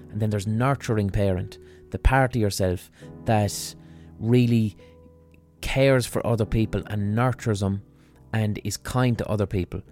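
A man's voice: on the low side, darkish tone. Blunt sweary man. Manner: blunt and profane. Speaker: podcast host. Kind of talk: casual explanatory monologue.

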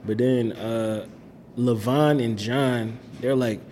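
A man's voice: mid-range voice, fairly even intonation, takes it slowly, warm tone, slight background noise. A young man tells his story in a loose, slangy way, leaning on "like" and "bro". His voice sits in a middle register. The sound carries a long reverb with faint ambience behind it. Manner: slangy, laid-back, lots of "like" and "bro". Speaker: guest telling his faith story. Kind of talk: casual storytelling.

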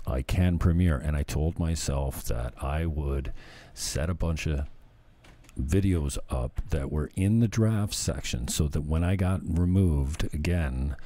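A man's voice: very deep voice, mellow, no room sound. A male podcast host in casual solo commentary, rambling and sarcastic.

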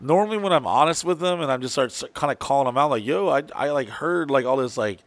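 A man's voice: mid-range voice, expressive, fast, no echo. A man telling a long profane story in casual chat, rambling and acting out what he said at the time. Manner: profane, rambling, acts out his own lines.

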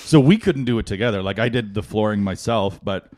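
A man co-hosting a podcast, chatting casually and telling profane, animated stories with shouted outbursts. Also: on the low side, a little fast. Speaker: podcast co-host. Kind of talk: casual chat.

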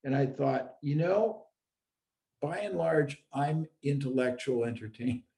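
An animated, mid-range male voice, a little slow, with vocal fry and a dark tone. The middle-aged speaker owns a business and formerly led seminars; he reflects casually and repeats his points for emphasis, with roomy echo in the recording.

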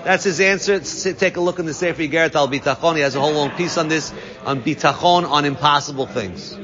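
A man teaching a Talmud class, reading Aramaic phrases and translating each one with quick asides. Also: fairly high pitch, crowd noise. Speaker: Torah teacher. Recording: dull sound with long reverb.

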